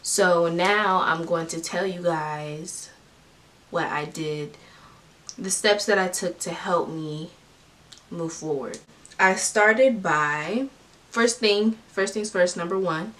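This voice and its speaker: A woman's voice: on the low side, slow pace, a bit bright. A young woman telling a personal story to her viewers in an emphatic, candid way. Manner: emphatic, talking straight to viewers. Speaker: vlogger. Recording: voice a bit far from the mic, faint hiss.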